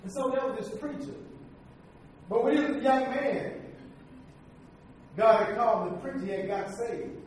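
High-voiced preacher in an echoing hall. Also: male voice, moderate pace, long pauses, slight background noise. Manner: call-and-response, chanting cadence; storytelling, emphatic repetition. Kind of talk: sermon. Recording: echoey hall from far off.

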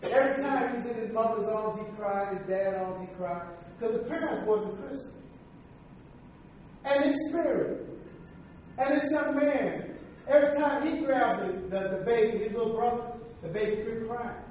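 A man's voice: extremely high pitch, moderate pace, darkish tone, slight background noise. A man preaching a sermon with emphatic repetition, leading the congregation in chanted call-and-response and telling long stories. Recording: echoey hall from far off.

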